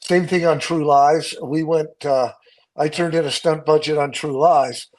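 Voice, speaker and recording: A man's voice: on the high side, unhurried, a little hiss or hum, low-quality recording. A man, a stunt coordinator, telling behind-the-scenes stories in casual chat, swearing freely. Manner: animated storyteller, acts out quotes, swears freely.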